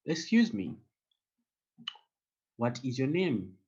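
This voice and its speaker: A male language teacher speaks slowly and patiently in an online class, saying each phrase over again so learners can echo it. His mid-pitched voice comes through a computer mic with dull, muffled call audio. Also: big pitch swings, darkish tone, husky. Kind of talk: online German lesson.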